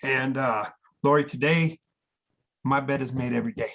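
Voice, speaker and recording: A man's voice: mid-range voice, normal speed, fairly bright tone. A man being interviewed as a guest, telling his own story candidly and with feeling, plain-spoken and now and then swearing. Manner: earnest, emotional, acts out quoted dialogue.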